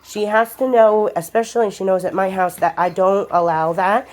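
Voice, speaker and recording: A woman's voice: medium pitch, steady tone, moderate pace, a little mellow. A woman dog trainer explaining a lesson to viewers while she works a puppy, giving firm short commands in between. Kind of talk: hands-on training demonstration.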